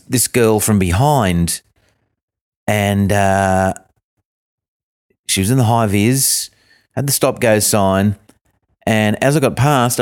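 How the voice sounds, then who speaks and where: A middle-aged Australian man telling a swearing, ranting comic story, breaking into high outbursts. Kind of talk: comic monologue.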